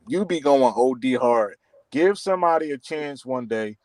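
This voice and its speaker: A man's voice: medium pitch, animated, moderate pace, darkish tone. Brash, swearing man on a podcast panel. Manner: brash, pushy, profane. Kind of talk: casual panel chat.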